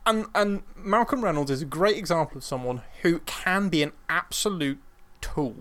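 A man co-hosting a podcast, talking animatedly, acting out a scene from a show and apologizing as he argues. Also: a little high. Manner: animated, acts out scenes in quick voices, apologetic. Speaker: podcast co-host. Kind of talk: casual chat.

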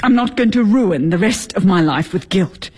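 A woman's voice: medium pitch, expressive, moderate pace, darkish tone, breathy edge. An actress playing a bitter, sarcastic middle-aged wife and mother in a radio drama. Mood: bitter, grieving. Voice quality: cutting, sarcastic.

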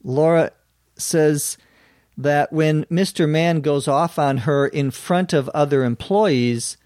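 A man hosting an English lesson who explains phrases in a slow, careful, deliberate way. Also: medium pitch, a little mellow, dry recording, studio quality. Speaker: English teacher host.

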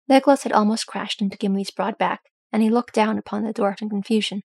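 Woman storybook narrator, gravelly, steady delivery. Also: medium pitch, fast talker, hardly any pauses, no room sound. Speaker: audiobook narrator.

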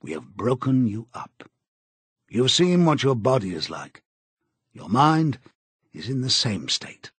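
A man's voice: medium pitch, sing-song, fairly bright tone, husky, dry recording, exaggerated voice. A man doing a cold, menacing interrogator. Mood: cold, measured. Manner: slow, measured, contemptuous.

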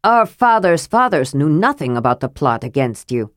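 A woman's voice: low-pitched, very animated, moderate pace, no room sound, studio quality. A woman voicing an indignant male dwarf chief who cries out in protest. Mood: aggrieved. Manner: indignant crying out.

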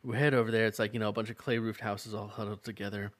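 A man's voice: fairly low pitch, fast, no room sound. Laughing man reading a story aloud. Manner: animated, laughs often, playful character quotes. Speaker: podcast co-host reading a choose-your-own-adventure book. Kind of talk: casual comedic chat.

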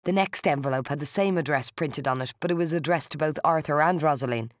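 An audiobook narrator giving a measured, steady first-person fiction reading. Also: medium pitch, dry recording, clean studio sound.

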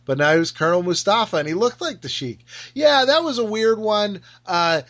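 A man co-hosting a casual podcast, an animated storyteller who acts out remembered conversations and laughs often. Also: high-pitched, fairly quick, dull audio. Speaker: podcast co-host. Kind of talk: casual chat about pro wrestling history.

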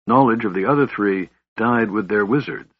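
A man's voice: on the low side, moderate pace, husky, narrow, tinny audio. A man voicing a frail, sickly young male mage who speaks wearily. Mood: weary. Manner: weary, tired delivery.

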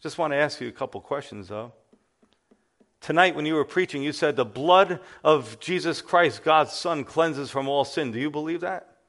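Preacher man doing a rough old-school gangster guy, blunt and halting, kinda higher voice for a man, talks low and plain. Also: a bit bright. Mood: menacing calm. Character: hardened male gangster, bar owner, confessing.

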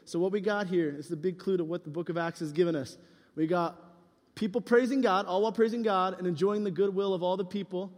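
High-voiced man preaching in a hall. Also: brisk. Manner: playful, teasing, quizzes the listeners. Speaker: youth pastor. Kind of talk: joking youth sermon. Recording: reverberant hall.

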